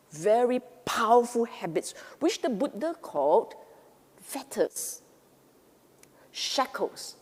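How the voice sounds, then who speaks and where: A woman's voice: mid-range voice, a little mellow, long reverb tail. A woman teaching Dharma in an emphatic way, often repeating and rephrasing herself and acting out the inner voices of the mind. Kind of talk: Buddhist Dharma talk.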